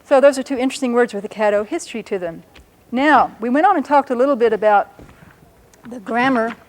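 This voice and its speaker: A woman teaching a language lesson, explaining patiently and sounding out words slowly and carefully. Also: fairly high pitch.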